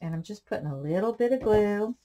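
A woman's voice: mid-range voice, lively intonation, a little fast, dark tone. A woman hosting a casual crafting tutorial, talking in a chatty, rambling way with side stories while she works. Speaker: craft channel host.

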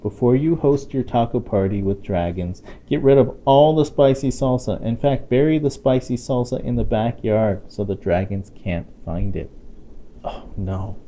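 A man reading a picture book aloud to a child, playful and expressive, with chatty asides to his young listener. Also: mid-range voice, moderate pace, a little hiss or hum. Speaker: storytime reader.

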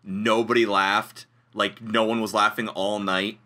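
A man's voice: lowish voice, level tone, unhurried, pushed and bright. A man from small-town Ontario, a comedian guest on a casual podcast, talking in a blunt, loose way with plenty of swearing. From small-town Ontario, Canada.

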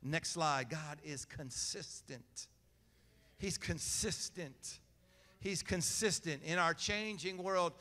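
A man's voice: fairly high pitch, slow pace, pushed and bright. A man preaching a sermon, speaking emphatically and driving points home by repeating short phrases. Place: church hall. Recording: echoey church hall, faint music.

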